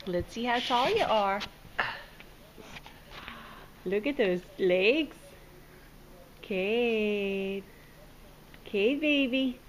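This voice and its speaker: A woman's voice: medium pitch, lively intonation, extremely slow, pauses often. A mother at home, cooing to her baby in a home video. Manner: cooing, sing-song baby talk. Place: home, indoors. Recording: dull home video with loud background noise.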